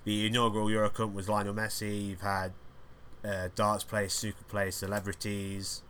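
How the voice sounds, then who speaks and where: A man's voice: on the low side, completely flat delivery, normal speed, fairly bright tone, slight background noise. A man hosting a podcast alone, rambling through crude, jokey banter in a casual chat. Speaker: podcast host.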